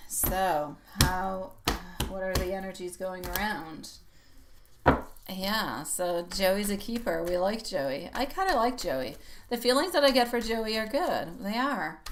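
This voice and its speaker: A woman's voice: medium pitch, background noise. A middle-aged woman giving a live-stream tarot reading, chatty and affectionate, laughing often as she greets viewers. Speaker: tarot reader.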